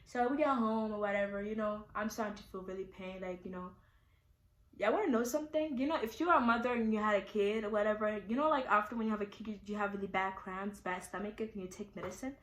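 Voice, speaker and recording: A young woman vlogger with a mid-range voice tells her viewers a personal story at a fast clip. Her casual storytime is loose, rambling, candid and full of fillers, recorded in an echoey room.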